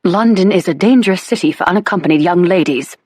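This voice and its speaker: A woman doing a brisk, commanding duchess. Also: lowish voice, a little mellow, husky, no room sound, clean studio sound, voice pushed up. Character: stern older female duchess, commanding and brisk.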